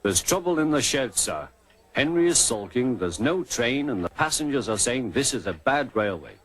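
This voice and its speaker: A man's voice: mid-range voice, very animated, moderate pace, fairly bright tone. A man voicing a worried station master.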